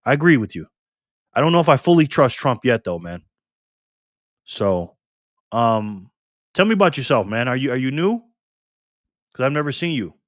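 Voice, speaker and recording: An upbeat man hosting a live stream, reading out the chat and greeting each viewer by name in a relaxed, friendly way. His voice sits at an ordinary middle pitch. The sound is dry and close, with no room echo. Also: moderate pace, long pauses. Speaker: livestream host. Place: home room in Las Vegas.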